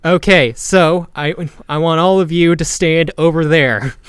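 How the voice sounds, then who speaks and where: A man's voice: a little high, unhurried, smooth. A man playing in a tabletop game, brash and swearing, who addresses crowds in character. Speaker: player. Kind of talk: tabletop game play, mixing in-character talk.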